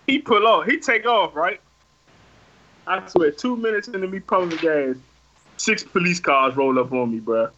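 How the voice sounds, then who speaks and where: High-voiced man telling a story, lo-fi. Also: normal speed. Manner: animated, profane, gets loud when reenacting. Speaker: podcast co-host. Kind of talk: casual storytelling.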